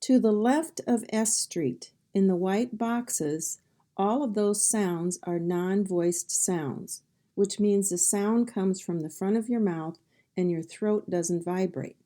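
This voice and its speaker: A woman's voice: mid-range voice, slow pace, dark tone. A woman teaching a phonics lesson, sounding out words one sound at a time and then saying each word whole.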